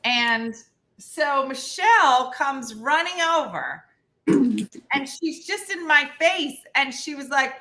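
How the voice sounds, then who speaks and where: A woman comedian hosting a casual baking chat in a home kitchen, telling stories with animated impressions of her friends. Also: normal speed. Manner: animated, does loud shrill impressions of friends. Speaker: comedian and host. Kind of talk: casual storytelling while baking.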